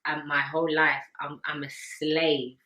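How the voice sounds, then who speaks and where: A young woman from the UK talking earnestly and emotionally to camera, pausing often and repeating words. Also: deep voice, flat delivery, pushed and bright, low-quality recording. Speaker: vlogger. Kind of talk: personal talk to camera.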